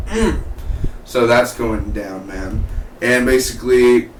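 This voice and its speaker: A man giving a casual, excitable spoken review of a TV episode, chatty and full of "man" and "dude". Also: medium pitch, normal speed. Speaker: TV show reviewer. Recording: echoey room, mic at a distance, faint background hum.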